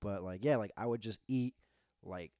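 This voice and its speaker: A man's voice: on the low side, moderate pace, warm tone. A man co-hosting a casual podcast, telling stories in a rambling way full of fillers and restarts. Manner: rambling, filler-heavy storytelling. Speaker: podcast co-host.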